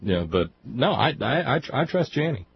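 A man hosting a radio show, talking in a halting, repetitive way with dry humor. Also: mid-range voice, sing-song, creaky, slightly rough, muffled recording. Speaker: radio host. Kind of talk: casual chat.

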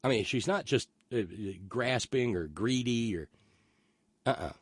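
A man's voice: mid-range voice, animated, a little slow, breathy edge, no echo. A man hosting a casual monologue, opinionated and rambling, with stammering restarts as he reacts to chat messages. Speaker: live stream host reading chat.

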